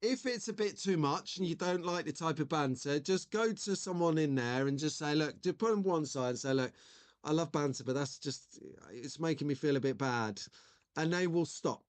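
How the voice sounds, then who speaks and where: A chatty man hosting a live stream, joking along with his viewers as he goes. His voice sits a little high. It is recorded close and dry, with no room sound. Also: normal speed, dry recording. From United Kingdom. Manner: chatty, jokey, reads out viewer comments. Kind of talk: casual live stream chat.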